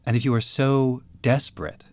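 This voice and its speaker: A man co-hosting a podcast, reflective and measured, with a dry joking streak. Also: medium pitch, fairly even intonation, darkish tone, dry recording. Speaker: podcast co-host. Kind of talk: casual analytical chat.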